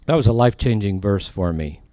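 A man's voice: fairly low pitch, animated, fairly quick, dark tone, dry recording. A male pastor preaching a sermon in a conversational way, with emphatic asides as he reads and explains scripture.

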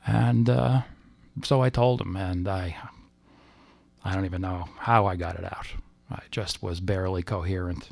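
A man with a low, gravelly voice tells a personal story in the manner of a testimony. His delivery is halting and emotional, full of restarts as he works through what happened. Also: fairly even intonation, darkish tone, no echo.

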